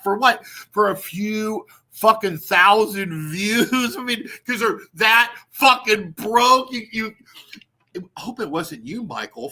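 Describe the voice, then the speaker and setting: A man hosting a show in a profane comedic rant, swinging into shouted bursts and drawn-out emphasis. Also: a little high. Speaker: show host. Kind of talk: ranting comedic monologue.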